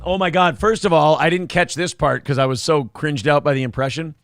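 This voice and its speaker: A man hosts a morning talk show, reading viewer comments with sarcastic mockery. His voice sits a touch high and carries a gravelly edge. The studio sound is dry and close. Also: steady tone, brisk, no echo. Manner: sarcastic, mocking. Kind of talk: casual chat.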